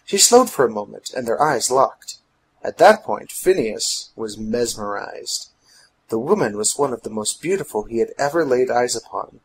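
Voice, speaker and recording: Dramatic guy reading a steampunk story, husky voice, lively pitch. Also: normal speed, rough recording. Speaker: narrator. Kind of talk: scripted audiobook narration.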